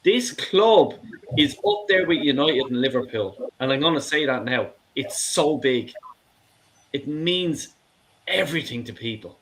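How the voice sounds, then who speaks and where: A man's voice: medium pitch, expressive, unhurried, a little hiss or hum. A middle-aged man calling in to a show, ranting with passion, swearing and stumbling over repeated words. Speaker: caller. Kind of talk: heated phone-in rant.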